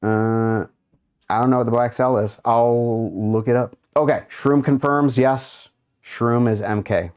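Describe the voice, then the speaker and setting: Speaking at medium pitch with fairly even intonation, the host sounds a little mellow, clear and resonant. He reads out his viewers' chat during a laid-back livestream, muttering while he browses and slipping in amused comments without any rush.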